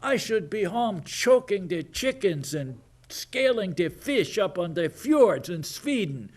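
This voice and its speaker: An older man voicing a shrill, furious teenage girl activist in a mocking, exaggerated scolding rant. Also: big pitch swings, slow, heavily acted. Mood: shrill outrage.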